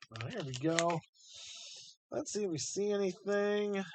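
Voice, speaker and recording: A man's voice: sits high, expressive, slow pace, noisy background. A man hosting a live stream, chatting casually and rambling as he thinks aloud while sorting coins.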